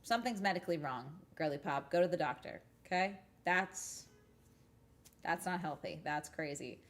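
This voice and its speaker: A woman's voice: on the low side, normal speed. A young woman streaming from home, chatting casually and bluntly, swearing freely and laughing often. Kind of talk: casual livestream chat.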